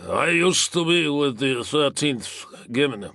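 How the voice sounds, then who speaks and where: A man's voice: medium pitch, lively intonation, unhurried, bright, forceful tone, dry recording, clean studio sound, pitched above the performer's own voice. A man voicing a calculating Roman praetorian soldier who asks probing questions.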